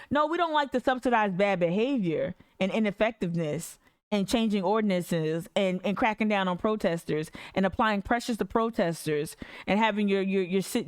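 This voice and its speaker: Her voice is medium-pitched with a clean tone. Hosting an activist podcast as casual livestream commentary, she reads articles out loud and veers into fiery, profanity-laced rants.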